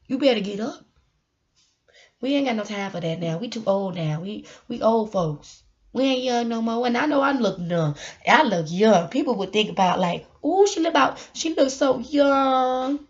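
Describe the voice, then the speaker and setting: A woman's voice: medium pitch, animated, normal speed. A woman in her twenties, joking through a mock prayer in a preacher's cadence and then giving a casual pep talk with repeated calls to the Lord. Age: 20s. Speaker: vlogger. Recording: dull lo-fi recording.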